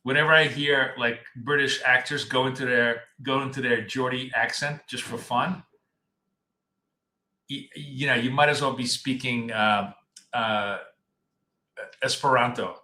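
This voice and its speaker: Talking unhurriedly with frequent pauses, this man has a medium pitch, fairly even intonation and a bright, forceful tone. He's a trading coach hosting a live trading stream from an echoey room, rambling casually and addressing his viewers directly.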